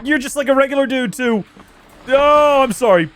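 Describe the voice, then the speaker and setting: A man's voice: very high-pitched, normal speed, a bit bright. A man hosting a let's play, giving chatty, joking gameplay commentary with self-mocking asides.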